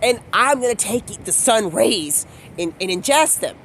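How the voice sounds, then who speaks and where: A man's voice: high-pitched, animated, a little slow, a bit bright, a little hiss or hum. Rambling man in a slangy monologue. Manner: rambling, free-associating, slangy. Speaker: video creator.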